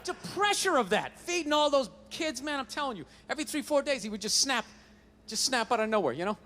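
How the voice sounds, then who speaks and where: A male stand-up comedian rants on stage into a handheld mic, swearing freely. His voice sits very high and comes across bright and sharp. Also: very animated, quick pace, long reverb tail, a little hiss or hum. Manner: profane, ranting delivery. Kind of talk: stand-up routine.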